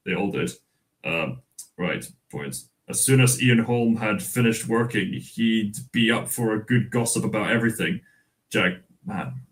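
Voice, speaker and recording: Man, Scottish accent, livestream host, halting casual chat, lots of fillers, mid pitch. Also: poor audio. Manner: rambling, halting, with many fillers and restarts; answers live chat comments, chuckling. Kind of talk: casual livestream chat, reading chat and a magazine aloud.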